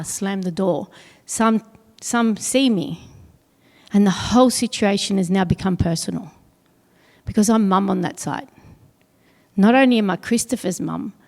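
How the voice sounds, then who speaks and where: A woman's voice: mid-range voice, vocal fry, a little mellow. Earnest woman in a reverberant hall. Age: middle-aged. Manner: earnest, heavy pauses, quotes others in dialogue. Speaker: speaker at an awards event. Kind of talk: personal story told on stage.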